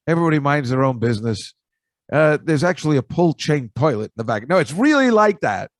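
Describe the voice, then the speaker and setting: A man hosting a podcast, rambling through stories with jokey asides and a chatty, offhand delivery. His voice sits at an ordinary middle pitch. It is recorded close and dry, with no room sound. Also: big pitch swings, fast talker, no echo. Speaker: podcast host. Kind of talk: casual storytelling monologue.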